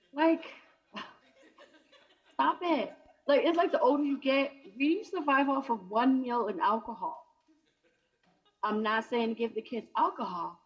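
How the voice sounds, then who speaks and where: Woman, stand-up comedian, fairly high voice, punchy chatty delivery, dull lo-fi stream audio. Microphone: video call.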